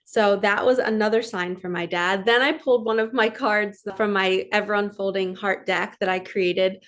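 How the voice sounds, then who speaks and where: An earnest woman in her thirties speaks as a spiritual coach in a relaxed monologue. She leans into key phrases and repeats them with emphasis. Her voice sits at an ordinary middle pitch. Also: moderate pace. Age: 30s. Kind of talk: casual inspirational monologue.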